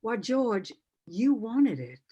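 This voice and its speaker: A woman's voice: fairly high pitch, very animated, slow pace, dark tone, slight background noise. A woman playing a fretful mother of the groom who scolds and worries, over dull video-call audio. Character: fussing middle-aged mother of the groom.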